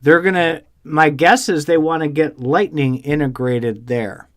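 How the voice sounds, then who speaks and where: Man, podcast co-host, casual chat, animated storytelling, fairly high voice. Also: a little slow. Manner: animated storyteller, swears freely.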